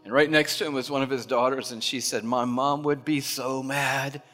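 A man preaching a sermon, telling a story in a hushed voice, then building to loud impassioned preaching. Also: mid-range voice, fairly even intonation, moderate pace. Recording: long reverb of a large hall, music behind.

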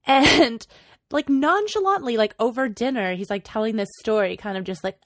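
A woman's voice: a little high, sing-song, a little fast, dry recording, studio quality. A woman co-hosting a podcast, telling a story in a chatty way full of fillers. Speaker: podcast co-host. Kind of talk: casual podcast chat.

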